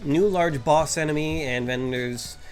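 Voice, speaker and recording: A man, a VTuber, rambling without a script about a game update, sounding tired and filling pauses with ums and restarts. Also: on the high side, faint music behind. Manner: tired, yawning, many fillers and restarts. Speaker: vtuber commentator. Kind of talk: unscripted rambling commentary.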